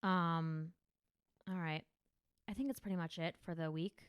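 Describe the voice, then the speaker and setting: A woman's voice: lowish voice, a little slow, clear, resonant tone, no echo, clean studio sound. A woman from New Jersey hosting a comedy podcast, rambling and swearing freely in casual chat. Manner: profane, rambling, animated storytelling.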